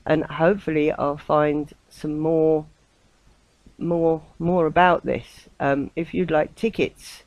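A woman's voice: deep voice, flat delivery, slow, a little mellow, no echo, highs cut off. A woman An English woman hosting a spiritual talk show, speaking in a loose, chatty ramble full of fillers. Her voice is close and dry, with no room sound. She breaks into easy laughter. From England. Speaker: host. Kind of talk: casual rambling radio monologue.

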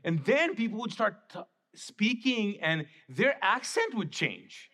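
Husky-voiced male pastor preaching. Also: high voice, very animated, slow, bright, forceful tone. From Middle East. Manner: conversational, emphatic preaching. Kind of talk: sermon.

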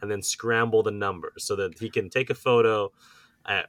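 A man talking through a film scene by scene in an easygoing podcast chat, laughing along. His voice is bright and forward, recorded close and dry with no room sound. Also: lowish voice, moderate pace, no echo. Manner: animated recapping, laughs often. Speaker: podcast host. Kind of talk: casual movie chat.

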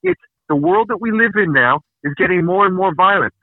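A man's voice: high-pitched, expressive, fairly quick, no echo. A man hosting a podcast, ranting angrily and profanely with lots of emphatic repetition. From Canada. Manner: angry, profane, emphatic ranting with repeated words. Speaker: podcast host. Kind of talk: casual podcast rant. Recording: tinny phone-like dry sound.

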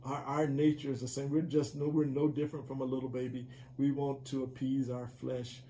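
A man's voice: medium pitch, little pitch movement, brisk, mellow, slight background noise. A man teaching a church Bible study in a conversational preaching manner, often repeating and restarting phrases.

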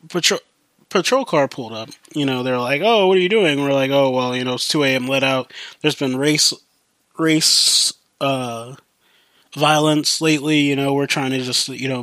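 A man's voice: mid-range voice, sharp tone, no room sound. Rambling young man telling a story. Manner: rambling, heavy use of fillers like "like" and "you know". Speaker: podcast host. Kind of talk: casual storytelling monologue.

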